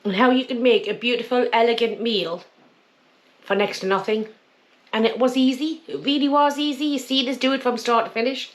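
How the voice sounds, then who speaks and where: A woman's voice: a little high, fairly even intonation, brisk. A woman hosting a casual cooking vlog, chatting homely while she eats. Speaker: cooking channel host.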